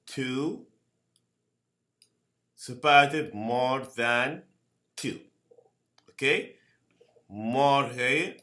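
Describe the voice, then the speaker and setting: A man teaching a grammar lesson. He speaks slowly, repeats each word and keeps asking "okay?". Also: medium pitch, pushed and bright. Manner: slow, repeats words and asks "okay?" often. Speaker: English teacher.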